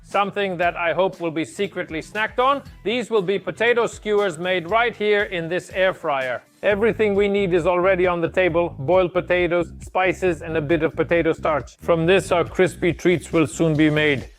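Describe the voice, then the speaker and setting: A man from Poland, friendly and explaining each step as he cooks. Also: a little high. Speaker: cook. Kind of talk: casual cooking demonstration.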